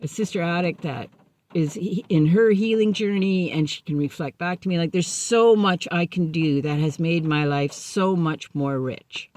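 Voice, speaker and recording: A woman's voice: fairly low pitch, normal speed. Candid woman telling her recovery story. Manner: animated, acts out remembered dialogue. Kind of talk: personal storytelling.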